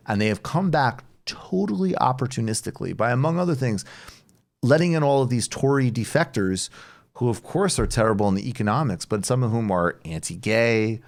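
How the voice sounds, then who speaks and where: A man hosting a political talk show, chatting loosely with a guest and using many fillers. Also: fairly low pitch. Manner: loose, digressive, lots of "like" fillers. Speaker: podcast host. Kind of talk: political commentary chat.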